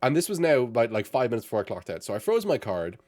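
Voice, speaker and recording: Casual young male podcast host, animated, swears, acts out his own reactions, bouncy delivery. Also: mid-range voice, quick pace. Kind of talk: casual chat, animated storytelling.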